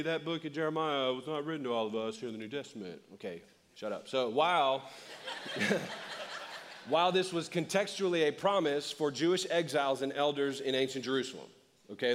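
A middle-aged man preaching with a slightly higher voice than most men. He keeps it conversational and joking, and slips into quick little voices to act out what people say. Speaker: pastor. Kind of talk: sermon.

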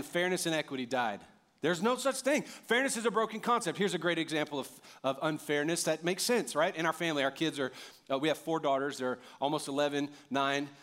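Delivering a sermon, this fairly high-pitched pastor in his thirties stays animated and cracks jokes, climbing now and then to loud, emphatic high points.

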